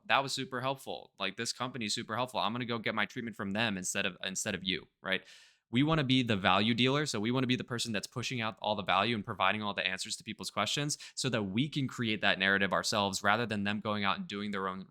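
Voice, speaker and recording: A man teaching marketing straight to camera, energetically checking in with his listeners. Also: fairly low pitch. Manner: energetic, checks in with "right?" and "okay?". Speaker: marketing coach.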